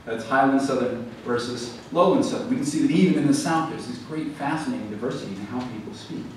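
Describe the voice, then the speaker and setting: Lively male lecturer in an echoey hall. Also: medium pitch, quick pace. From American South. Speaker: author giving a library talk. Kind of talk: public lecture with audience questions. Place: library lecture room. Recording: roomy echo, distant mic, faint background noise.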